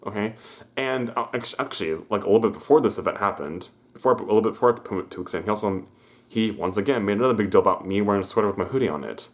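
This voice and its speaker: Young man, casual vlog storytelling, lowish voice, rambling, stammering restarts. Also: very fast. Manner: acts out quoted people in a raised voice. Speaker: vlogger.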